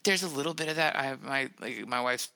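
A man's voice: medium pitch, fast, vocal fry, sharp tone, no echo. A man, an author on a podcast, chatting casually in a rambling way with many fillers and restarts. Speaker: author guest.

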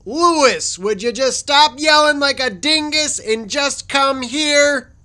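An actor voicing a fussy, easily exasperated male explorer in a comedic audio drama, with whiny, yelling outbursts. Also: medium pitch, big pitch swings, slow, no echo. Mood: impatient. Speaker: performer and show introducer.

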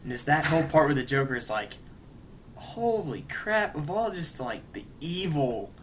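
A man's voice: mid-range voice, lively intonation, fairly quick, slight background noise. Man rambling through a casual recap. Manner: rambling retelling, full of "like" and "you know". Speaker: podcast co-host. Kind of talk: casual chat.

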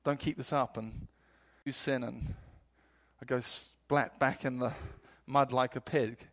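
A man's voice: mid-range voice, steady tone, takes it slowly. A male pastor preaching a sermon in a storytelling manner, building up to emphatic points.

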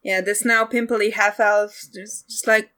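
A woman's voice: medium pitch, a little slow. Casual woman running a tabletop game. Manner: casual, relaxed. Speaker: game master.

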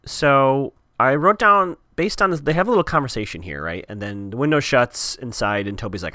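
A man's voice: mid-range voice, big pitch swings, a little fast, few pauses, bright, forceful tone, no echo, studio quality. A man giving a chatty, wry recap of a TV episode with sarcastic asides.

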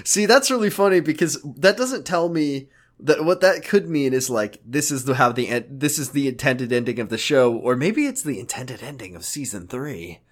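A man co-hosting a podcast in casual chat, animated and mock-dramatic, swearing freely. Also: medium pitch, normal speed. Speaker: podcast co-host.

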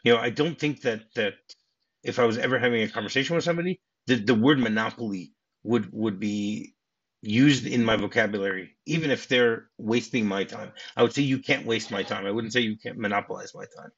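A man's voice: lowish voice, a little fast, a bit bright, husky. A man hosting a podcast, discussing a film in a casual way, chuckling often and restarting his sentences. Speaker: podcast host. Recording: dull lo-fi audio.

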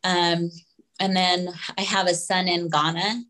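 A woman being interviewed on a podcast, speaking hesitantly with many ums and soft laughs. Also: fairly low pitch, little pitch movement, unhurried, rough recording. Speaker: podcast guest. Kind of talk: casual interview chat.

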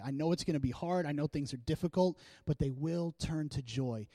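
A man's voice: fairly high pitch, fairly quick, no echo. A male pastor preaching a sermon in a casual, joking, fervent way, urging his congregation on. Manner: casual, joking and energetic, with frequent laughs.

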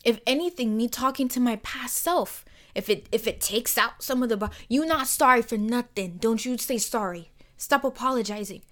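A woman's voice: on the high side, normal speed. Heated, blunt woman podcasting solo. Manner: blunt, heated and profane, swinging between soft and loud. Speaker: podcast host. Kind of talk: emotional solo podcast monologue.

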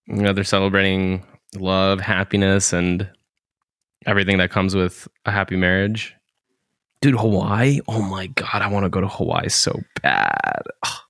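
A man co-hosting a podcast, chatting casually, excitable and teasing, laughing easily. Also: low voice, moderate pace, no room sound, clean studio sound. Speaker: podcast co-host. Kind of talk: casual chat.

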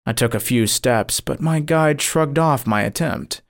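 Brief: male audiobook narrator, measured and solemn, very unhurried delivery. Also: medium pitch, vocal fry. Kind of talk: scripted narration.

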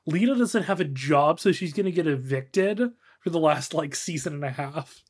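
A man co-hosting a podcast in casual chat, excitable and quick to laugh, exasperated at times. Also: fairly high pitch, slightly rough. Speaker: podcast co-host.

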